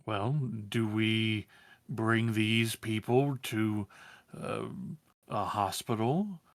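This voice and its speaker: Male player, plain matter-of-fact delivery, lowish pitch. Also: drawn-out words, no echo, studio quality. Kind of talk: tabletop role-play chat.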